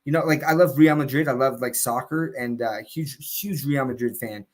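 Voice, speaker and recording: A man's voice: mid-range voice, normal speed. Chatty man telling a rambling story. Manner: chatty, full of fillers and restarts, laughs while telling stories. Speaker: live stream guest.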